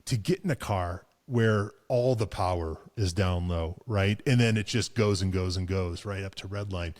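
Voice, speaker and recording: A man's voice: low voice, normal speed, a little mellow. A man co-hosting a car show, chatting casually with lots of fillers, restarts and chuckles. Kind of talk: casual chat.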